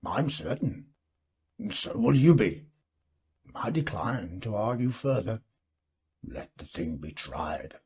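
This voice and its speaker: A portly, self-assured gentleman, read by a man holds forth with dry humour and a declaiming confidence. His voice is mellow and husky, with lively swings of pitch. He takes his time over each grand phrase. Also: takes it slowly, long pauses, exaggerated voice.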